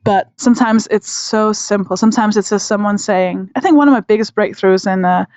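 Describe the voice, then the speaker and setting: A woman's voice: medium pitch, brisk, no room sound, dull audio. A woman in her thirties, a comedian and author, telling candid stories in conversation, laughing often and acting out what people said. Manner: animated, laughs often, acts out quotes.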